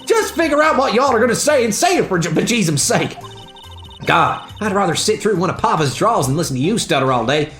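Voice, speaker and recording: A woman voicing a brash, loud Southern woman photographer with a drawling Southern US accent, over game music. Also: medium pitch, very animated, a little fast, echoey room, voice pushed up. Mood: scolding.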